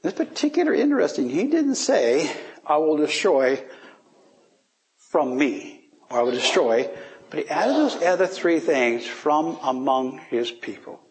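A man's voice: very animated, measured pace, darkish tone. A man giving an informal Bible teaching, asking his listeners rhetorical questions and chuckling as he explains. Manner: rhetorical questions, chuckles, pitch swings for emphasis.

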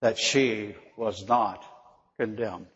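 A man delivers a sermon in an unhurried, deliberate way, stressing his words and pausing to put questions to his listeners. The recording is dull and lo-fi, and his voice rings out with the long reverb of a large hall. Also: lowish voice, a bit bright. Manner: slow, emphatic, asks the listeners questions. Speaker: preacher.

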